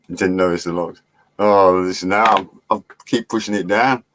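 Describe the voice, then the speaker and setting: Middle-aged man, very deep voice, casual rambling live-stream host, laughs and swears. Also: fairly even intonation, unhurried, fairly bright tone, a little hiss or hum. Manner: chatty, laughing, swearing, distracted by chat. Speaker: livestream host.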